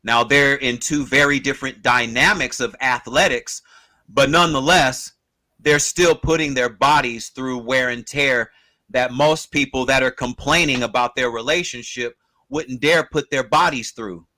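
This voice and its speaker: A man co-hosting a podcast in casual chat, agreeable and measured, often laughing along. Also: mid-range voice, steady tone, bright, forceful tone. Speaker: podcast co-host.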